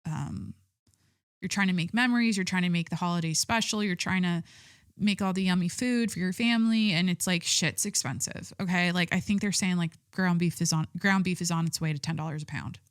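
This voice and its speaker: A woman's voice: lowish voice, fairly quick, no room sound, studio quality. A woman in her thirties hosting a solo podcast, chatting casually and rambling, with frequent swearing and filler words. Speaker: podcast host.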